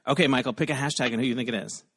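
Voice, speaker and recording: A man hosting a podcast game over a video call, upbeat and quick with puns, laughing often. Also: mid-range voice, steady tone, a bit bright, breathy edge. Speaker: podcast host.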